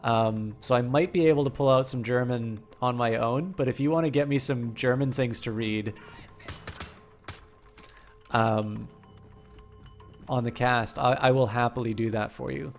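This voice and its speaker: A man's voice: mid-range voice, measured pace, pauses often, faint music behind. A man streaming a game, chatting casually with viewers in a rambling way full of fillers.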